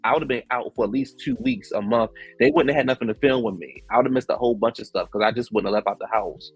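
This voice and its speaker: A man giving casual, animated commentary as a reality show recap host, slangy, acting out the quotes. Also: mid-range voice, fast, husky, no room sound, faint music behind.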